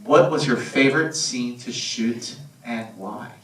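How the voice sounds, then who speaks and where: Man, Q&A moderator, brisk, repeats questions, roomy echo, distant. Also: mid-range voice, fairly bright tone, slight background noise. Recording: echoey cinema from afar.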